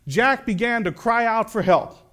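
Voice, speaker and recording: A man's voice: extremely high pitch, lively intonation, moderate pace, a bit bright. A man preaching a sermon, telling a story and then reflecting earnestly through rhetorical questions.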